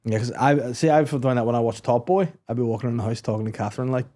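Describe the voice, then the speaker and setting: Male guest, easygoing storyteller, mid pitch, laughs a lot. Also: racing, warm tone. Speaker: podcast guest. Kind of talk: casual comedic chat.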